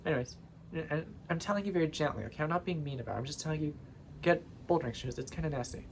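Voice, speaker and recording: A chatty vlogger talks in a loose, rambling way and keeps drifting onto new tangents. The voice sits at an ordinary middle pitch, and a faint background hiss runs under it. The tone turns playfully indignant when the talk gets heated. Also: racing. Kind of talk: casual rambling monologue.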